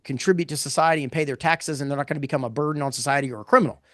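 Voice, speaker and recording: A middle-aged man presenting poll findings in a casual live talk, blunt and animated, rambling with restarts. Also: on the high side, rapid-fire, no echo, studio quality. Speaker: pollster presenting poll results.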